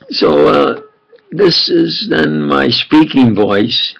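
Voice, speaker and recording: A man's voice: fairly high pitch, big pitch swings, extremely slow, creaky, pauses often, muffled recording. An elderly man with a New York accent, Italian his first language, rambling through memories in a meandering personal monologue. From New York, USA. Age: older. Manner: meandering, repeats himself, chuckles while reminiscing.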